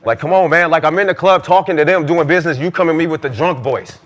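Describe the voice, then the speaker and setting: A man on a podcast couch who talks fast and fires off trash talk in quick, repetitive bursts. His voice sits a little high for a man, and he leans on the same fillers again and again. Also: fairly bright tone, dull audio. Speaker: podcast co-host, former basketball player. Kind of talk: heated casual podcast banter.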